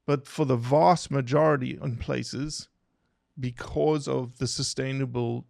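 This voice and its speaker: Guy, gravelly voice, dry close mic, podcast guest telling animated stories. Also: mid-range voice, unhurried, dry recording. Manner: animated explainer, poses questions to listeners. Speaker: guest wildlife biologist. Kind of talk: podcast interview storytelling.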